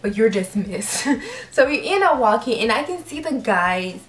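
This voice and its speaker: A young woman vlogger telling a story in a casual, animated way, acting out voices and laughing often. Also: fairly high pitch, moderate pace, echoey room. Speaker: YouTube vlogger.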